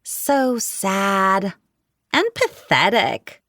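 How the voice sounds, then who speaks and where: A woman voicing a petty young female rival who talks in a fake, whiny high-pitched baby voice with mocking, sugary friendliness. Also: big pitch swings, extremely slow, fairly bright tone, dry recording, studio quality, heavily acted. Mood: taunting.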